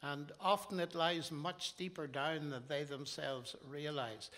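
Older Northern Irish man, panel speaker, bright and thoughtful delivery. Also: fairly high pitch, steady tone. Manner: measured, reflective. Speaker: apologist on a conference panel. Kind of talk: panel discussion.

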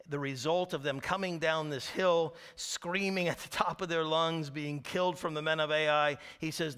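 A man preaching a sermon as pastor, telling the story with animated energy, acting out the screams and cries, then dropping to hushed tones at solemn points. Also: on the high side, clean tone.

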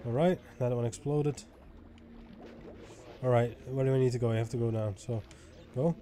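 A man giving let's play commentary who swears a lot and swings from loud frustrated yelling to low muttering. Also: measured pace, long pauses, a little hiss or hum. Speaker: gaming YouTuber.

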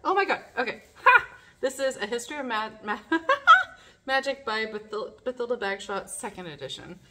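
A woman's voice: a little high, animated, a little fast, bright, forceful tone. A woman chatting casually while unboxing, gushing with breathless exclamations and laughter. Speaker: vlogger. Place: living in a garage.

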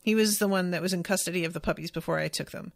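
A woman's voice: lowish voice, racing, creaky, dry recording, clean studio sound. A woman hosting a podcast, recapping a TV episode in casual chat with plenty of enthusiasm and swearing, and reading out listener comments. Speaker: podcast host.

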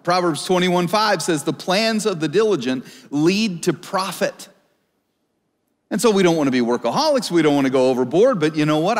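A male pastor preaching a sermon, lively and acting out little scenes, sometimes dropping to a murmur. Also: fairly high pitch, in a large hall. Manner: animated preaching with acted-out quotes and dropping to a murmur. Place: large church auditorium.

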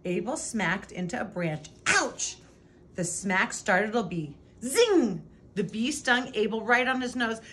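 A woman reading a children's picture book aloud in a lively, expressive way. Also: a little high, measured pace. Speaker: storybook reader.

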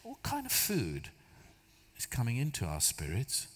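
A man's voice: medium pitch, huge pitch swings, unhurried, a bit bright. Guy preaching, chatty storytelling, bits of humor, big echoey church hall. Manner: storytelling, conversational, self-deprecating humor. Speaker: church speaker. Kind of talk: sermon. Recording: long hall reverb.

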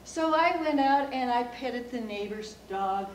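A woman giving a speech at a speaking club, telling a childhood story in an animated way and acting out the quoted voices. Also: on the high side, unhurried. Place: meeting room of a speaking club. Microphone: distant recorder. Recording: roomy, distant room recording with background hum.

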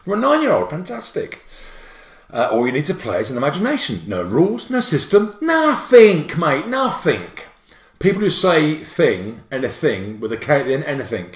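Lively, jokey man teaching spelling. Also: a little high, normal speed, echoey room. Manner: bouncy, jokey, playful asides. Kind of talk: livestreamed spelling lesson.

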